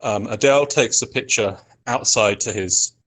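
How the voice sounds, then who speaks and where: A man's voice: fairly low pitch, normal speed, a bit bright, poor audio. A man narrating his character's actions as a player in a tabletop game. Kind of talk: casual tabletop play.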